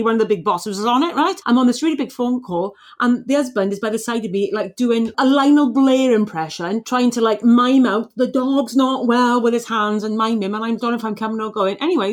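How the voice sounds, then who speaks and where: Lively British woman spinning a yarn. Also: fairly high pitch. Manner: animated, self-mocking storyteller acting out quoted voices. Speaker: podcast co-host. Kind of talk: chatty podcast storytelling.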